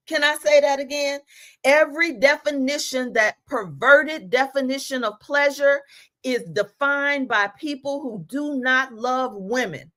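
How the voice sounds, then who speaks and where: Emphatic woman teaching, slow deliberate delivery. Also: sits high, animated, sharp tone. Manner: preacherly, emphatic, reads declarations aloud; self-aware of talking fast. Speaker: spiritual teacher. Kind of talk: inspirational teaching talk.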